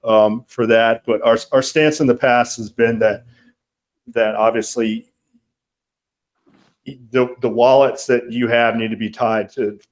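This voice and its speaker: A man's voice: mid-range voice, steady tone, slow, pauses often. A man from the platform team answering a question in a live online Q&A, hesitant and restarting his sentences.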